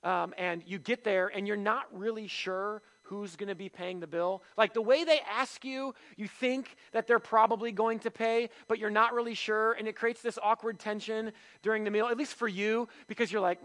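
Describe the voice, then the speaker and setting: A man with a notably high voice preaches to his church. He talks in a relaxed, conversational way, throws out rhetorical questions, and jokes about himself. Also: moderate pace, poor audio. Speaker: pastor. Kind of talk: sermon.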